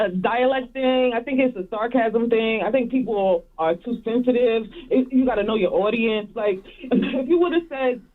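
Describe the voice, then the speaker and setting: Chatty woman caller on a phone line. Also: a little high. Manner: chatty, laughs while talking. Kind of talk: call-in comment.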